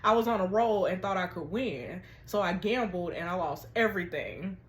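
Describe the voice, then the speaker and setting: A woman's voice: fairly low pitch, animated, normal speed, voice pushed down, lightly acted. A woman reading as a sheepish, guilty young fiancé. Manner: sheepish, defensive.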